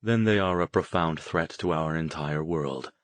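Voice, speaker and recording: A man voicing a cold, dispassionate male mage who speaks flatly and without emotion. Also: a bass voice, moderate pace, no echo. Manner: flat, clipped, emotionless.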